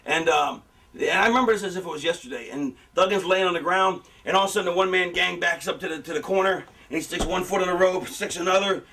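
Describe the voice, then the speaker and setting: High-voiced middle-aged man, profane storyteller. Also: fast talker, distant mic. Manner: profane, animated, acts out quotes. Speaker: veteran wrestler explaining booking. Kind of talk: casual storytelling.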